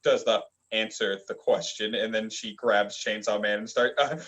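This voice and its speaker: A man's voice: fairly low pitch, fairly even intonation, moderate pace, fairly bright tone, low-quality recording. Man rambling through a plot recap. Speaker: manga reviewer. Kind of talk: casual chat.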